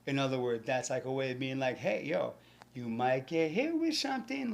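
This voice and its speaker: Gravelly New York man doing rambling stand-up. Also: medium pitch, expressive, normal speed. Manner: rambling, profane, acts out dialogue with sudden whispers and shouts. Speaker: stand-up comedian. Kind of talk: stand-up storytelling.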